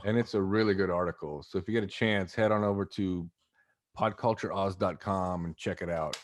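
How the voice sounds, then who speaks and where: A man co-hosting a podcast in casual chat, calmly passing on a recommendation. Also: deep voice, fairly quick, slight background noise. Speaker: podcast co-host.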